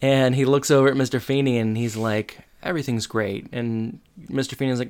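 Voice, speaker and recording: A mid-pitched speaker recaps a sitcom episode in casual chat. They narrate each scene with quoted dialogue and lots of "like.". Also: fairly even intonation, fast, few pauses.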